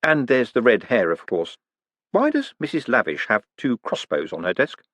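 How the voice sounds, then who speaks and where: Quick-witted con man, read by a male narrator, wry and teasing, dry close sound, storybook. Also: mid-range voice, huge pitch swings, fairly bright tone, no room sound.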